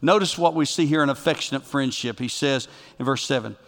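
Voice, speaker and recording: A man preaching a sermon as pastor, with emphatic delivery that swings from loud bursts to quiet asides. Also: mid-range voice, a little fast. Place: church sanctuary. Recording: long reverb of a church hall.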